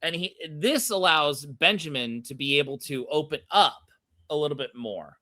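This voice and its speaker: Bright, higher-voiced man musing aloud. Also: moderate pace. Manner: reflective, thinks aloud about what he would have done. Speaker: podcast co-host. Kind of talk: casual chat.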